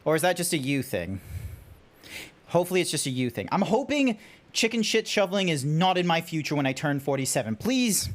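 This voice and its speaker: A man's voice: a little high, sing-song, a little fast. A man with an Australian accent chatting playfully with his chat while streaming a game. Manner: playful, joking, teasing chat. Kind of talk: casual chat while gaming.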